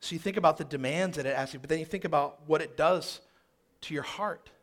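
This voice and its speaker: A man in his thirties, speaking briskly with a fairly high-pitched voice, tells a personal story during a sermon. He is emphatic and likes repeating phrases to build rhythm.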